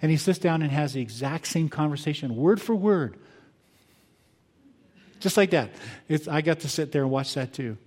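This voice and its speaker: An older man preaching a sermon as pastor, earnest and reflective, moving between quiet pauses and emphatic bursts. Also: a little high, animated. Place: church sanctuary. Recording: long hall reverb.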